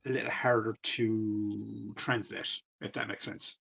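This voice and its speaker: A man's voice: fairly low pitch, flat delivery, unhurried, gravelly, fairly bright tone. A man, co-hosting a podcast in loose, sweary casual chat full of fillers. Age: 40s. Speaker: podcast co-host.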